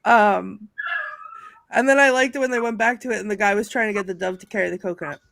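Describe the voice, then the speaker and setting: A woman on a video call chatting excitedly with friends on a live stream, laughing often as she talks. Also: mid-range voice, quick pace, creaky, no echo. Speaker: panelist. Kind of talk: casual chat on a live stream.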